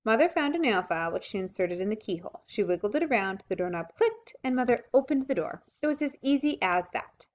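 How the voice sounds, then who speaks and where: Expressive woman reading a children's book. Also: mid-range voice, brisk, few pauses. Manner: expressive, lively storytelling. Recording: dull lo-fi recording.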